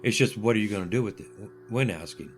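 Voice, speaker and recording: Low-voiced older man telling wry stories. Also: fast talker, faint music behind. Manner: lively anecdotal, acts out voices of others; wry humor. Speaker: guest. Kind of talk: interview storytelling.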